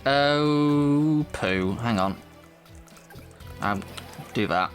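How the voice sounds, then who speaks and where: A man's voice: mid-range voice, expressive, extremely slow, soft background music. A man with a Manchester accent casually commenting on a video game he plays, chatty and laughing often, at a desk microphone. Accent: Mancunian. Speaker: let's play host.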